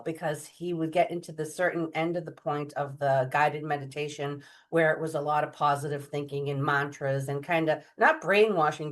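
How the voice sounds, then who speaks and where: A middle-aged woman telling her story as an interview guest, chatty and animated, acting out the voices of people she quotes. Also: low-pitched. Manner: chatty, many fillers and restarts. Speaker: guest medium.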